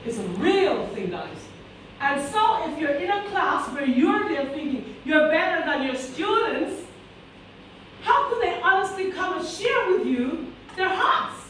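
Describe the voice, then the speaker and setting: Woman keynote speaker, high and sassy, preachy calls to the crowd, heard from far off in a very echoey school hall. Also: very animated, unhurried, a bit bright, a little hiss or hum. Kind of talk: motivational keynote to teachers. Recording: very echoey hall recorded from a distance.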